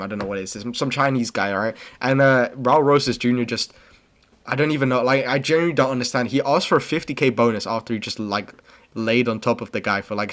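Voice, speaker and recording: A man's voice: medium pitch, a bit bright. Rambling young man tossing out "bro". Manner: rambling, slangy, says "bro" and "okay" constantly; blunt and opinionated. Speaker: MMA commentary channel host. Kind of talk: casual recap commentary.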